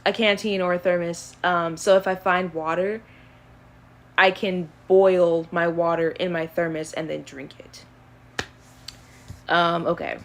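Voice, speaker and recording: A young woman in her early twenties answers questions in a casual, easygoing chat, rambling and leaning on "um" and "like." Her voice sits a little lower than most women's, and her relaxed, conversational delivery suggests a live stream. She's unhurried, with long pauses and slight background noise.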